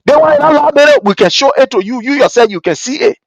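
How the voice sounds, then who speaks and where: Extremely high-pitched and fast, a Liberian-accented man runs his political commentary show in an animated, repetitive style, doing impressions of the people he cites.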